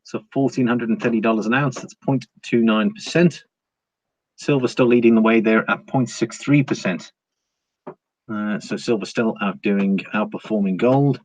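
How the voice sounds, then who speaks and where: In a casual live stream, a man with a lowish voice reads viewer comments out loud and responds, his speech full of fillers and restarts. He talks at a moderate pace with no echo, over dull lo-fi audio with a faint hiss.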